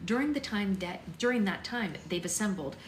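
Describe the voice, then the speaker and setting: A young woman hosting a book club, reading a novel aloud live in a chatty way and pausing to soothe her baby. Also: medium pitch, animated, a little hiss or hum. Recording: echoey room, faint ambience.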